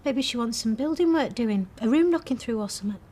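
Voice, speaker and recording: An actress playing a nosy bride-to-be who coaxes a friend in a brisk way. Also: female voice, a little high, lively intonation, warm tone. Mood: coaxing.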